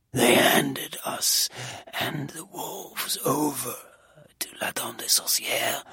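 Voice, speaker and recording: A reader voicing a broken, guilt-ridden young man who was held captive, in a whispered role-play, hushed, halting and grave. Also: mid-range voice, husky, no room sound, heavily acted.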